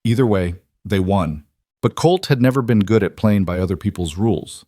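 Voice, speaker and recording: Male narrator, measured dramatic storytelling, low voice, dry close sound. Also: lively intonation, mellow, dry recording.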